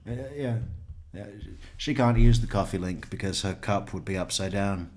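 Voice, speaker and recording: A man's voice: low voice, normal speed, a little mellow. A man hosting a casual true crime livestream, rambling and chatting with viewers, swearing often and laughing at himself.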